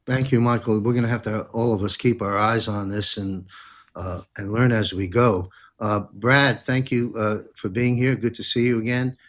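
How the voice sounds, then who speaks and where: A man hosting a panel discussion, thanking his guests and handing them the floor. He talks politely but haltingly, with frequent uh and um between phrases. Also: fairly low pitch, fairly even intonation. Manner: polite, halting, many fillers. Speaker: host.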